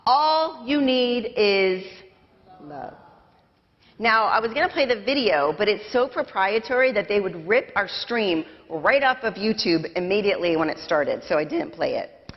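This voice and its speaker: A woman's voice: medium pitch, animated, normal speed. A woman pastor with an American accent giving a conversational, self-deprecating sermon to her congregation in a church. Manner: conversational, self-deprecating, sings snatches of lyrics. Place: church sanctuary. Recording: dull livestream sound with long church reverb.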